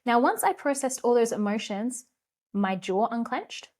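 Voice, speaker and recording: A woman talks alone on her own podcast, earnest and emphatic, a motivational coach who swears without fuss. Her voice sits a little high for a woman. She presses her points with strong conviction. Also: expressive, unhurried, darkish tone. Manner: candid, swears casually. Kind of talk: motivational solo podcast talk.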